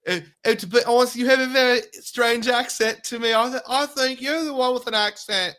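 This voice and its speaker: Man putting on a Welsh woman with a mock accent, high and quick, blunt and halting. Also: steady tone, sharp tone. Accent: Welsh, mock imitation. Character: Welsh woman met in a restaurant.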